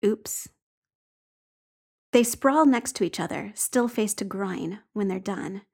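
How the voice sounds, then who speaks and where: A woman's voice: mid-range voice, animated, slow pace, gravelly, darkish tone, husky. A woman reading a story aloud with wry, conversational narration. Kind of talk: expressive audiobook narration.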